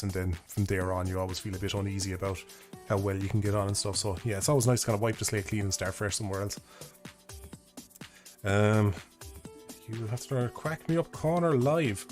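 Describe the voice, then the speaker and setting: A young Irish man chats casually on a live stream, rambling, laughing and swearing offhandedly into his desk mic. His voice is lowish.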